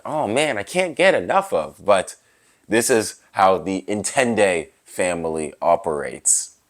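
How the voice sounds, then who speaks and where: A man giving a sardonic comedic monologue, mixing deadpan sarcasm with sudden outbursts. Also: mid-range voice.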